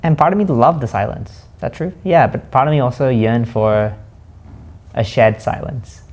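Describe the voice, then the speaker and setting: A man hosting a reflective spoken monologue, slowly musing and asking himself questions aloud. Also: mid-range voice, expressive, darkish tone. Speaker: host.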